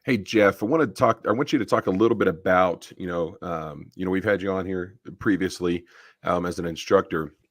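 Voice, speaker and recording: Low-voiced man hosting a podcast. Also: a little fast, no echo. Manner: rambling, restarts questions. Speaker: podcast host. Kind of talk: casual podcast interview.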